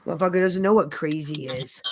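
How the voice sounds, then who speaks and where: A woman's voice: low voice, brisk, a little mellow, no echo, clean studio sound. A woman on a live-stream talk panel, brash and profane, taunting the others.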